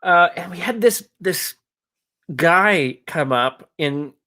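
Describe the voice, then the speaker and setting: A man's voice: high-pitched, animated, takes it slowly, sharp tone. Laid-back man telling a rambling story. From Canada. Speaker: guest musician. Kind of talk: casual storytelling chat.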